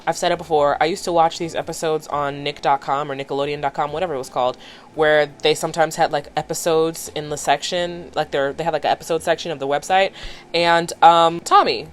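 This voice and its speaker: A woman's voice: deep voice, a little fast, a little hiss or hum. A woman vlogger casually recapping a cartoon episode with chatty, playful commentary.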